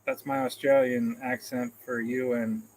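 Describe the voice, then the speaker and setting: A man's voice: mid-range voice, flat delivery, unhurried, darkish tone, low-quality recording. A man hosting a casual live stream, reading out comments in a rambling, self-deprecating way and chuckling often, into a phone camera. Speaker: livestream host.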